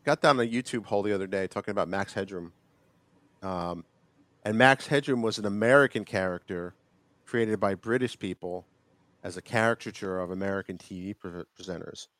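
A man co-hosting a podcast in casual chat, talking in halting bursts with lots of fillers and restarts. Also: fairly low pitch, expressive, fairly bright tone, dry recording. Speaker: podcast co-host.

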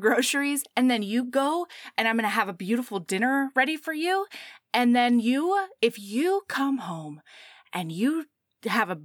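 A woman co-hosting a casual chat, giggly and animated as she recaps a story and playfully voices its characters. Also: fairly high pitch, no echo, studio quality. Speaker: podcast co-host.

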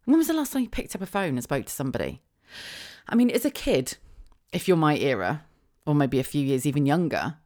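Middle-aged woman, podcast host, low voice that swings widely, chatty solo talk full of asides and laughter. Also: a little mellow. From England (Wiltshire). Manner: chatty, laughs often, quick asides and rhetorical questions. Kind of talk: casual solo podcast monologue.

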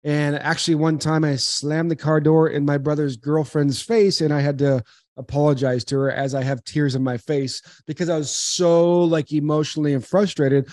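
A man in his forties from Southern California, a podcast guest telling earnest, animated stories with frequent restarts. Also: a little high, normal speed, no echo, clean studio sound. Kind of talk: casual interview storytelling.

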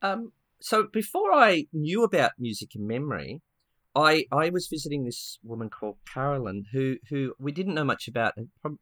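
A man co-hosting a podcast, telling a story in a lively, casual way with many restarts and acted-out quotes. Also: on the high side, normal speed, no echo, clean studio sound. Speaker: podcast co-host.

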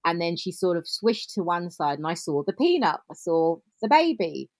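Lively woman in her forties. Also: on the low side, normal speed, no room sound. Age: 40s. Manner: animated, laughs often, reenacts dialogue. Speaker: podcast guest. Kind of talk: casual storytelling.

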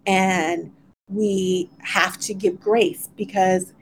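A woman's voice: fairly low pitch, steady tone, very slow, a little hiss or hum. A woman co-hosting a casual faith discussion, reflective and conversational, with many "you know" fillers.

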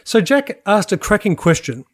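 A man with a fairly high voice chats casually as a podcast co-host. He runs his words together and stumbles as he talks, often at his own expense. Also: big pitch swings, normal speed. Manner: chatty, self-deprecating, trips over his words. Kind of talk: casual chat.

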